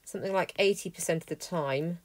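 Woman, low voice, methodical lesson, close dry sound. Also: a little fast, no echo. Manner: clear, methodical explaining, word by word. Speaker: Greek teacher. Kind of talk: lesson walkthrough.

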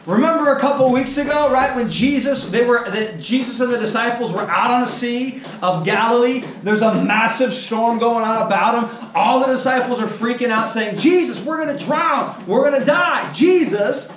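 A male pastor preaching a sermon in a lively, animated way, acting out the voices of people in the story and asking the congregation to repeat lines after him. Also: very high voice, moderate pace, hardly any pauses, slight background noise. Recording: echoey hall, heard from a distance.

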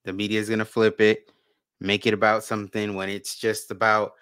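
A man's voice: on the low side, level tone, a little fast, a bit bright, clear, resonant tone, no echo. A man co-hosting a podcast, talking casually and rambling with many restarts and repeated words. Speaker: podcast co-host. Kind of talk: casual conversation.

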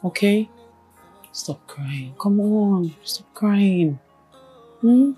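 An actress playing a gentle mother who softly consoles her crying daughter. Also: mid-range voice, expressive, extremely slow, breathy edge, faint music behind, heavily acted. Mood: soothing. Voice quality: soft, soothing, coaxing.

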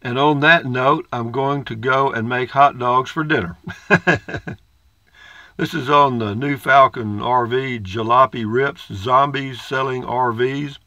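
A man's voice: mid-range voice, takes it slowly, pushed and bright, dry recording. An older man reads viewer comments aloud in a folksy, rambling way with dry humor. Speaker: vlogger reading viewer comments. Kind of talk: casual comment-reading chat.

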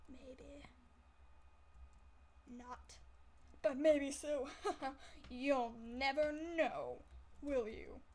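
A woman's voice: sits high, steady tone, drawn-out words, a little mellow. A woman giving casual let's-play commentary over a game, giggly, playful and melodramatic. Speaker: gameplay commentator.

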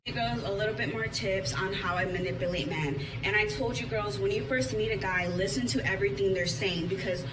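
A woman's voice: mid-range voice, a little fast, hardly any pauses. A woman giving casual dating advice to other women, chatty and full of "like"s, acting out the lines she quotes. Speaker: social media creator giving dating advice. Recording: echoey room with loud background noise.

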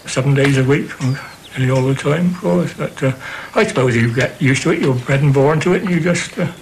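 A man's voice: mid-range voice, a little fast, gravelly, slight background noise, rough recording. An older man with a West Country Cotswold accent, a farmer chatting casually in an interview, with long drawn vowels and a rolled R.

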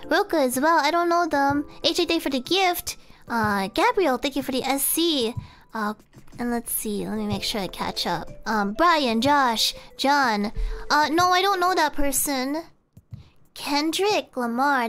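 A woman's voice: very high voice, sharp tone. A young woman streaming and chatting casually, giggling and rambling as she guesses and second-guesses herself. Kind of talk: casual live-stream chat.

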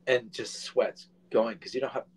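A man in his forties, a filmmaker guest, telling a casual anecdote in an animated way and swearing freely. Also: medium pitch, normal speed, poor audio.

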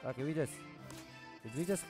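Man, high voice, excitable gameplay commentary, swearing and yelling, game music underneath. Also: fairly quick. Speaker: gaming YouTuber.

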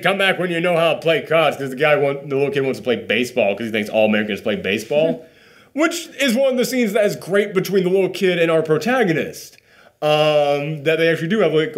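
A man hosting a casual spoiler review, telling the plot with lots of "like" and acted-out bits. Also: a little high. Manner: animated storytelling, many "like" fillers. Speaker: movie reviewer host.

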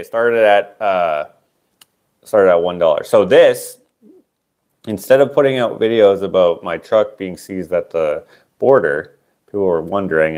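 Rambling low-voiced man running an auction. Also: darkish tone. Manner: rambling and self-deprecating, trailing off with fillers. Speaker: artist auctioning his own sculptures. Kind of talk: casual livestream auction chat.

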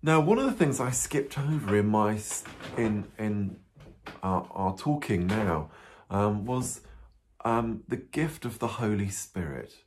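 A priest telling a Bible story to children, animated and full of questions, with frequent ums. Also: male voice, lowish voice, slow pace. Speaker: parish priest.

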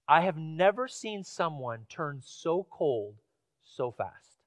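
Brief: high-voiced male pastor, chatty storytelling sermon, dry close sound. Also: big pitch swings, takes it slowly, no echo. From Washington State, USA. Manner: conversational storytelling with fillers, rising to emphatic questions. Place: church sanctuary.

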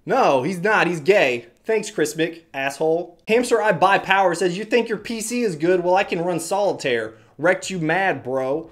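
A man's voice: high voice, animated, normal speed. A young man hosting a tech channel, sarcastically reading viewer comments aloud and ranting back at them with frequent swearing. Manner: sarcastic, exasperated, swears freely, mocks commenters in silly voices. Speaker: YouTube tech host.

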